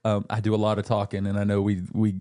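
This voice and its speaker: A man's voice: fairly low pitch, completely flat delivery, fast talker, mellow. A man co-hosting a podcast, telling stories in casual chat, acting out the voices he quotes and laughing often. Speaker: podcast co-host.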